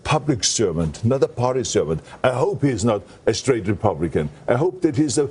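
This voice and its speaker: A man's voice: medium pitch, sing-song, normal speed, darkish tone, breathy edge. A man as a guest in a TV morning show interview, talking in an emphatic, upbeat and joking way.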